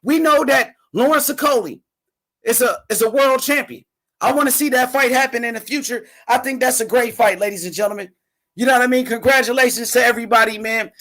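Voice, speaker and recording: A man's voice: very high voice, fairly quick, sharp tone. A young man hosting a casual live reaction to a boxing fight, talking in slang and repeating himself as he hypes the fighters. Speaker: boxing commentator, channel host.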